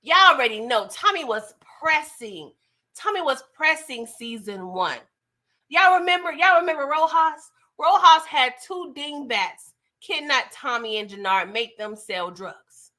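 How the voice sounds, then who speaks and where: High bright animated woman host. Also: measured pace. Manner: animated, slangy, laughs and mocks. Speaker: TV recap host. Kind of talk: casual live-stream recap chat.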